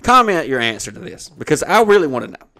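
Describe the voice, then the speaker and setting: A man hosting a podcast, telling a profane, animated story in casual comedic style. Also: on the high side, fast. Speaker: podcast host.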